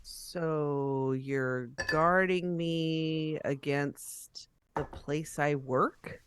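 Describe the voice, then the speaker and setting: A woman player speaking in character during a tabletop game, answering calmly with some hesitation. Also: sits low, a little hiss or hum. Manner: calm, halting replies. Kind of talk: in-character tabletop role-play.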